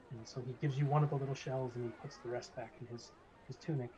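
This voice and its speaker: A man narrating as game master of a tabletop game, halting and restarting as he goes. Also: medium pitch, fairly even intonation, warm tone. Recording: slightly dull lo-fi mic, faint noise.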